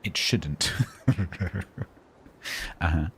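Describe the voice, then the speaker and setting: A man streaming live gameplay and commenting as he plays, chatty and breaking into sudden excited exclamations. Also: deep voice, extremely slow, slight background noise. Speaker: game streamer.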